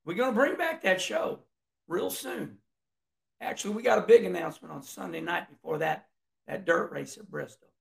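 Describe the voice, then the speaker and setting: A middle-aged man, a racing commentator, delivering an emphatic, fired-up rant to camera with loud whoops. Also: sits high, moderate pace, vocal fry.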